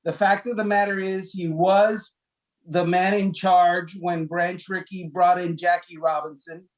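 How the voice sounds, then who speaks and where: A man co-hosting a casual sports talk show, counting down a list with lively, emphatic delivery and rhetorical questions. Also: a little slow, low-quality recording. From Cuban heritage, raised in South Florida. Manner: animated, rhetorical questions, emphatic pitch jumps.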